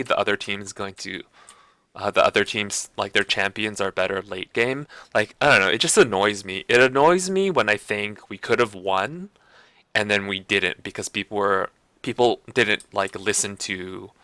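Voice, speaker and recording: A man's voice: lowish voice, pushed and bright, smooth, dry recording. A man streaming and chatting casually, rambling along and restarting his sentences with lots of fillers. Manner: heavy use of like and you know. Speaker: gaming streamer. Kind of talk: casual chat.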